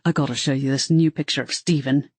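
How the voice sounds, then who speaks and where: A woman's voice: rumbling low, steady tone, fast, a little mellow, dry recording, pitched below the performer's own voice. A woman voicing a cheerful male werewolf family man who rambles on about his kids. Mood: chatty.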